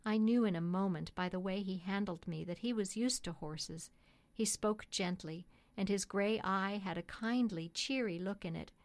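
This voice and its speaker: Woman calmly narrating a classic story. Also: medium pitch. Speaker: audiobook narrator.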